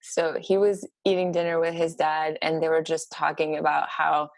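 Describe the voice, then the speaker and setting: Dry, low-voiced woman telling a story. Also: creaky, no room sound. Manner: animated, halting, many fillers. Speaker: podcast guest. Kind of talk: casual storytelling.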